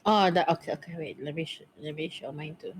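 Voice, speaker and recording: A woman's voice: low-pitched, fairly even intonation, quick pace, breathy edge. A young woman chatting casually on a live stream, rambling and laughing often, with a strained throat. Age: young adult.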